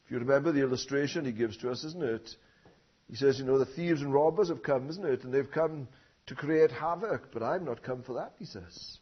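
A man preaching a sermon, often tagging his points with questions and building up to loud emphatic phrases. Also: medium pitch, fairly quick, breathy edge, dull audio. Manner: rhetorical tag questions, swelling emphasis.

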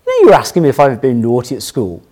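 A man's voice: medium pitch, huge pitch swings, very fast, dark tone, pitched below the performer's own voice. A man voicing his young son, a small boy answering hesitantly about trouble at school. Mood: sheepish.

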